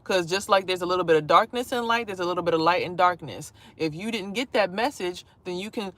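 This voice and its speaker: A woman vlogger telling a personal story in a casual, animated way, swearing freely and acting out what people said. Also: fairly low pitch, brisk, hardly any pauses. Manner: animated, profane, acts out quotes.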